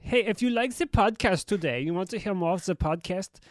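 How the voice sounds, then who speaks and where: A man's voice: high voice, animated, measured pace, vocal fry, exaggerated voice. A man putting on a playful German accent to read a podcast outro, like a mock announcer.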